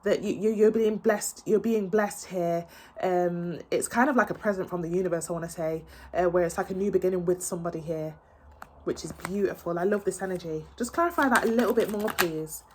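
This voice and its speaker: With a lowish, slightly rough voice and a brisk pace, a woman gives her viewers a casual tarot reading. She comes across as emotional and tearful, earnest and reassuring, leaning on many fillers and repeating words.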